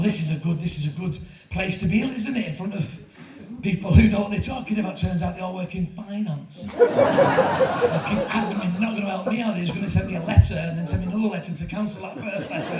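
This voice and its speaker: High-voiced comic in his fifties. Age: 50s. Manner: profane, storytelling, animated. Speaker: stand-up comedian. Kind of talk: stand-up routine. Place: large comedy venue with audience laughter. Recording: echoey venue recorded from far off with crowd. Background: audience laughing.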